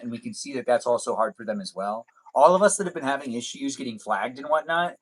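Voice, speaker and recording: A man's voice: mid-range voice, fairly bright tone, poor audio. A man hosting a casual live stream chat, rambling and circling back to his own catchphrases.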